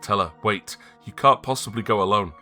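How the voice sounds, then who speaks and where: A man voicing a furious old male sage and grieving father, loud and commanding, as he reads game dialogue aloud. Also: fairly low pitch, a little fast, faint music behind.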